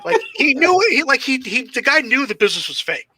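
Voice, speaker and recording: Bright-voiced man telling profane stories. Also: very high-pitched, very animated, fairly quick, slight background noise. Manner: heavy swearing, rambling anecdotes; self-described shy and socially awkward. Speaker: guest, pro wrestler. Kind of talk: casual storytelling interview.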